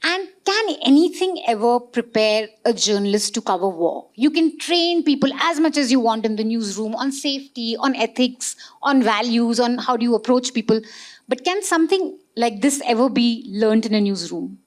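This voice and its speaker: A woman moderating a panel discussion, putting measured, probing questions to a guest. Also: fairly high pitch, expressive.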